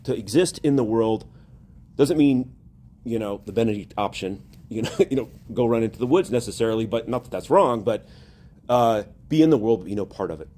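A man's voice: medium pitch, expressive, brisk, mellow. A male priest preaching a sermon, earnest and rising to emphatic exhortation.

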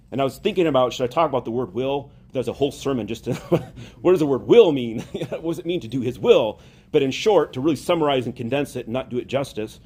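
A man giving a conversational sermon as a priest, animated and chatty, laughing now and then. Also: medium pitch, breathy edge.

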